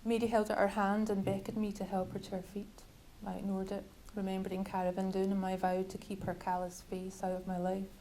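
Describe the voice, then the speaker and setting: Woman, author reading her novel, measured, wry, mellow warm tone, faint background noise. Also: mid-range voice, completely flat delivery, poor audio. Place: bookshop reading event.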